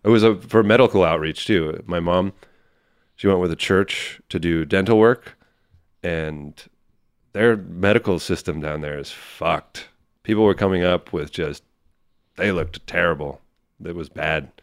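A man's voice: low-pitched, measured pace, dry recording, clean studio sound. A man telling a story in a loose, profane group chat. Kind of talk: casual chat.

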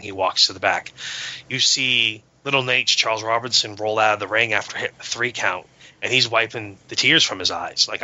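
Bright-voiced man telling a fan story. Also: on the low side. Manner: enthusiastic, storytelling with many fillers. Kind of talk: casual chat. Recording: dull lo-fi sound.

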